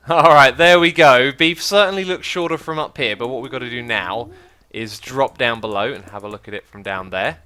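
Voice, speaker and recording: A man chatting casually as he plays and explains a building game, excitable and quick to laugh. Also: mid-range voice, clean tone. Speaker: Minecraft YouTuber. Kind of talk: casual gameplay commentary.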